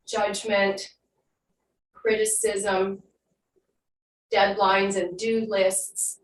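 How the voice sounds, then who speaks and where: Woman fitness instructor, unhurried soothing cues, slightly off-mic in a roomy space with a faint hum. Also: mid-range voice, far from the mic. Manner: calm guiding cues, then slow soothing breath work. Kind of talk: live online fitness class instruction.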